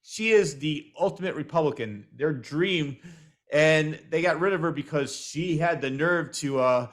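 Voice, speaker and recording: A man hosts a casual interview and chimes in with agreement before giving his own views. His voice sits a little high and plain. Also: unhurried, a bit bright. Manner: agreeable, backchannels often. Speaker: podcast host.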